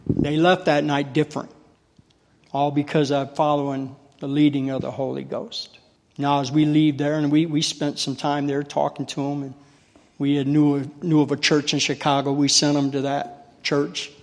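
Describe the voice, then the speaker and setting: A male preacher with a slightly high voice tells folksy, self-deprecating stories during a sermon, keeping a level tone and moderate pace. Long hall reverb surrounds the recording.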